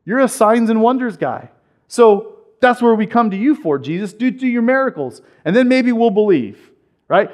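A man preaching a sermon, animated and acting out the voices he quotes. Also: very high voice, moderate pace. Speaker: pastor.

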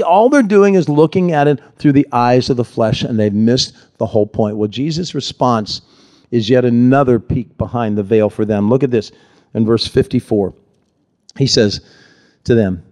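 A man preaching a sermon, animated, acting out the voices in the scripture he reads. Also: mid-range voice, normal speed. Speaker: pastor.

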